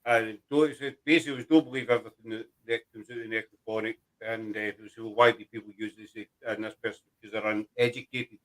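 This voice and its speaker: Man hosting with rambling, halting talk. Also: on the low side, fairly even intonation, fairly bright tone. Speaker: host. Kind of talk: casual chat.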